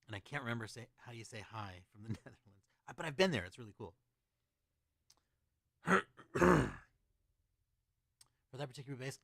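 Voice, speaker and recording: A man's voice: mid-range voice, a bit bright, dry recording, clean studio sound. A man hosting a casual livestream who chats loosely and reads out questions from his chat. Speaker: livestream host answering chat.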